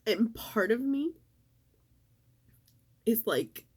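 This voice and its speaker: A middle-aged woman in a casual vlog, talking in a halting, emotional way and fighting back tears. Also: a little high, sing-song, husky. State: tearful. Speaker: vlogger.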